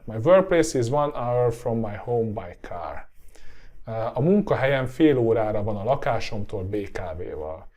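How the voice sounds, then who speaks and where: A native Hungarian speaker with a Hungarian accent teaches a language lesson in a mid-range, slightly mellow voice that is growing hoarse and tired. He often checks in with a rising "yeah?" and fills pauses with "uh".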